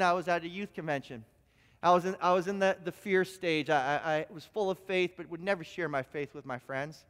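High-voiced pastor preaching. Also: male voice. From Ontario, Canada. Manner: animated, self-deprecating storytelling with frequent restarts. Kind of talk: sermon. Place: church sanctuary. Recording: long church hall reverb.

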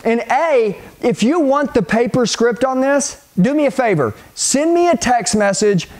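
Speaking unhurriedly in a very high voice, this middle-aged man gives a hyped-up, punchy sales training session. He talks straight to the listener and role-plays phone calls.

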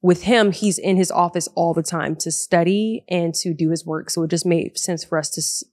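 A woman's voice: fairly low pitch, normal speed, no echo, studio quality. A young woman hosting her own podcast, talking casually and with animation from her living room and laughing now and then. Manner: chatty and animated, laughs often. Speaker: podcast host. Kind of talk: solo podcast talk. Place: living room of a large loft apartment. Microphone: podcast microphone.

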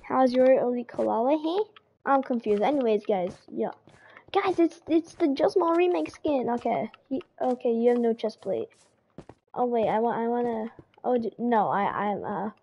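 Woman streamer, high pitch, excitable rambler who stammers and repeats words while chatting with viewers. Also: noisy background. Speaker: game streamer. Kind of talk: casual live-stream chat.

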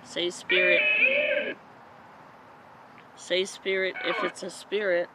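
Woman, paranormal vlog host, jittery and unhurried, questioning spirits in the woods by a busy road. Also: lowish voice, little pitch movement. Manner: nervous, talks to spirits in short questions. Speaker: paranormal investigator. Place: outdoors in a forest near a road at night. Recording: outdoor traffic noise. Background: passing traffic.

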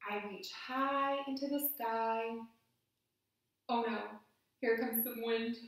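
A woman guiding children through a yoga lesson with gentle, playful cues. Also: on the high side, fairly even intonation, takes it slowly. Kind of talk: guided kids' yoga lesson. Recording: echoey room, somewhat far from mic.

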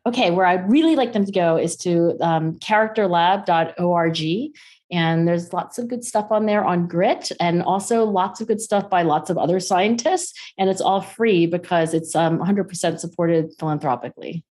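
Lively middle-aged woman guest, low voice. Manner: animated, quick to laugh, acts out quoted voices. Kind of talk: casual interview conversation.

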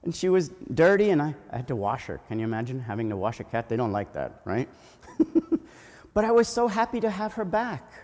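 A male priest giving a children's homily at a family Mass, telling a story with lively energy and asking the children questions. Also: on the high side. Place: church. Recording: long church reverb.

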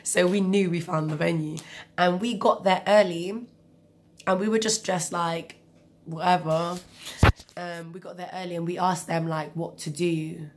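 A woman's voice: fairly low pitch, steady tone, a little slow, a little mellow, a little hiss or hum. A young woman with a cold telling a story in a chatty, rambling vlog style. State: has a cold, coughing. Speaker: vlogger. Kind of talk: casual storytelling.

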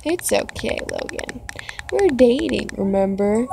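A woman reading text messages aloud for a reaction video, breaking into dramatic, expressive outbursts. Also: mid-range voice, takes it slowly, slight background noise, rough recording.

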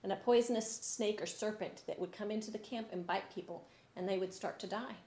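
Woman children's church teacher, expressive storytelling, echoey church room. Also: medium pitch, fairly quick. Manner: expressive, swinging between sad and lively. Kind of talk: Bible story lesson for kids.

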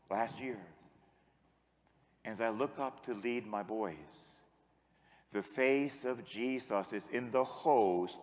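A male priest preaching a sermon, telling a story and leading the congregation in call-and-response prayer. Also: on the low side. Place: church. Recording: long church reverb.

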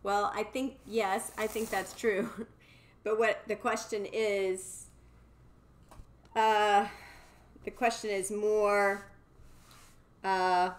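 A woman's voice: medium pitch, flat delivery, very slow, pauses often, a little hiss or hum. A woman hosts a live home cooking show, chatting playfully and rambling while she cooks. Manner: playful, rambling, laughs at own jokes. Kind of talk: casual live cooking chat.

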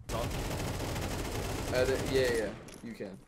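A man's voice: mid-range voice, fairly even intonation, very noisy. A young man who gets frustrated and swears while playing a video game with friends. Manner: frustrated, swearing, quick to snap. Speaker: gamer and channel regular. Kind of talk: casual gaming banter.

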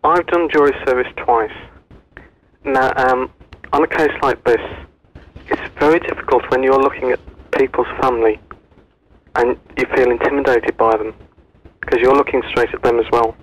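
A man calling a radio phone-in, speaking earnestly and a little haltingly. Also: medium pitch, fairly even intonation, rough recording. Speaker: caller. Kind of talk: phone-in call.

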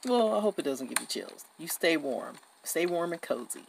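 A woman voicing a playful, easygoing adult man in a doll-play story, with joking, relaxed denials. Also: low-pitched, normal speed, creaky, background noise, heavily acted. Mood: gentle.

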